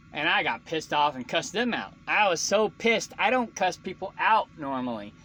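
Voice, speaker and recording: A man's voice: high-pitched, pushed and bright, a little hiss or hum, poor audio. A man venting casually to the camera, frustrated and swearing often as he rants. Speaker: truck driver vlogger.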